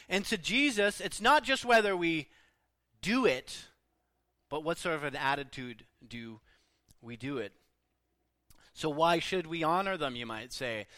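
A middle-aged man preaching a sermon in an earnest, emphatic way, pausing often and letting his endings trail off softly. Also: fairly high pitch, expressive, no room sound.

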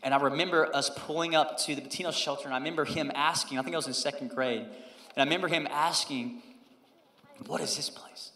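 A man in his thirties, a pastor preaching a sermon and telling a personal story, moving between loud emphasis and hushed, quoted prayer. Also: fairly high pitch, slight background noise. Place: church sanctuary. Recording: roomy hall reverb.

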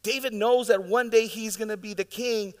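A man preaching a sermon as pastor, telling the story in a lively, casual way and acting out the scenes. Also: high-pitched, moderate pace. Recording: long reverb of a large hall.

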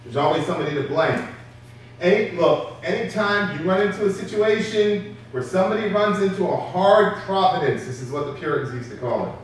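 A man preaching a sermon in a lively, conversational way with street slang. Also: sits high, a little fast, slight background noise. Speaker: pastor. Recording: echoey hall from far off.

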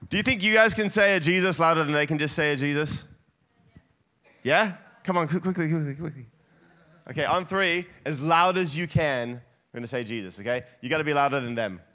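A man preaching a sermon in a church hall, lively and playful, getting the congregation to shout along with him. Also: a little high, a little fast. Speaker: guest preacher.

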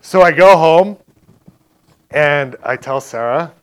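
A man with a fairly high, clean-toned voice shares his faith testimony in a loose, chatty style, sprinkling in "like" and "right?" constantly. He acts out other people's lines in rapid back-and-forth, like casual spoken storytelling.

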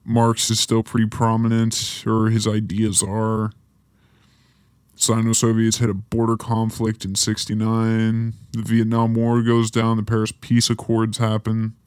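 A man's voice: on the low side, completely flat delivery, a little slow, a little mellow, smooth, dry recording. A man hosting a podcast, reading through a history timeline and breaking off with offhand, joking asides. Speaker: podcast host. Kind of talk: casual podcast history rundown.

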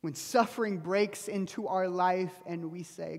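A man's voice: high voice, steady tone, measured pace, vocal fry, darkish tone, big-room sound. A man preaching a sermon, telling a story earnestly and often dropping his voice to a near whisper. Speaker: pastor.

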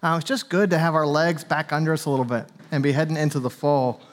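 A man's voice: on the high side, steady tone, quick pace. A man in his forties, a pastor giving a sermon in a conversational, chatty way with frequent fillers.

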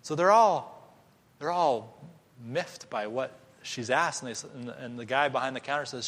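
A man preaching a sermon, telling a story with animated voices for each character. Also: medium pitch, moderate pace, slightly rough. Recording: long hall reverb.

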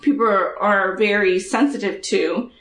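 A woman co-hosting a podcast in casual chat, blunt and animated, cursing freely as she talks. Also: medium pitch, a little slow, roomy sound. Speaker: podcast co-host.

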